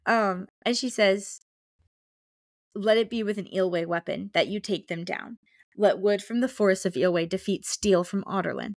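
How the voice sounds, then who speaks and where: A young woman talks through a novel with a friend, animated and quick to slip into characters' voices. Her voice stays close and dry, with no room sound behind it. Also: mid-range voice, vocal fry, dry recording. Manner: animated, reads book passages aloud and acts out characters. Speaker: podcast co-host. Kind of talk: casual book-club chat.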